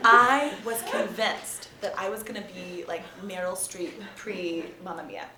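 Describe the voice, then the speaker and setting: A woman who teaches theatre tells a lively, laughing story to a live audience. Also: medium pitch, measured pace, distant mic. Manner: animated, laughing often. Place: performance room with an audience. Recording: echoey room, mic from afar, crowd noise.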